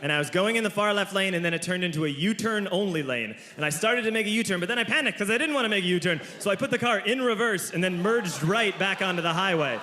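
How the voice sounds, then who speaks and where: A man doing animated, self-mocking stand-up storytelling. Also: sits high, fast, few pauses. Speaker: stand-up comedian.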